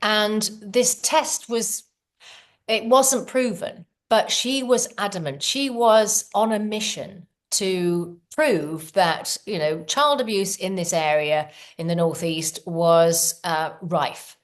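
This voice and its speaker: A middle-aged woman, a podcast guest, telling her story in an earnest, animated way. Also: medium pitch, takes it slowly. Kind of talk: casual storytelling.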